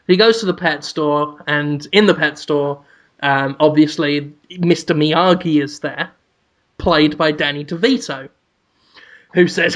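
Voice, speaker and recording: A man's voice: on the high side, steady tone, measured pace, a bit bright. A man co-hosting a podcast, rambling through a comic story with giggles and off-the-cuff asides. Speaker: podcast co-host.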